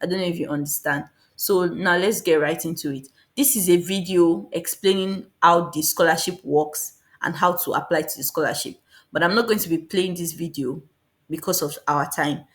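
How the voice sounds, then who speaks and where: A woman giving a casual, fast explainer on applying for a scholarship, often repeating and correcting herself. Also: lowish voice. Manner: fast, repetitive, self-correcting. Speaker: scholarship guide vlogger.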